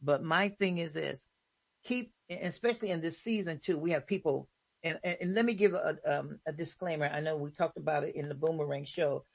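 A woman's voice: low voice, a little fast, vocal fry, dry recording. A woman hosting a casual faith talk show, speaking emphatically and repeating her points.

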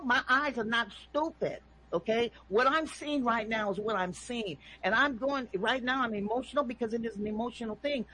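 A woman's voice: fairly high pitch, fairly bright tone, breathy edge, low-quality recording. A woman calling in, talking emphatically and preachily about her views and often asking "okay?". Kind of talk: impassioned opinion talk.

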